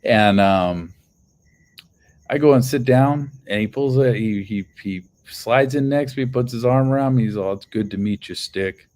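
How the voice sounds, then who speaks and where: A man's voice: medium pitch, a little slow, darkish tone. A man casually telling a long personal story, rambling with lots of fillers and swearing. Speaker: channel host.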